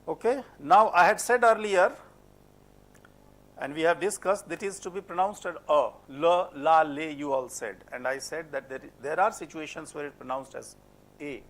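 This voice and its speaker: A man's voice: fairly high pitch, moderate pace, fairly bright tone. A man with an Indian English accent lecturing a class on French pronunciation, asking questions and repeating words as a drill. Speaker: French phonetics teacher.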